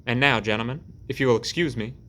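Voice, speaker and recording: Man voicing a middle-aged Southern officer, Southern accent, formal, gravely courteous, storybook. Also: medium pitch, fast, fairly bright tone, natural voice.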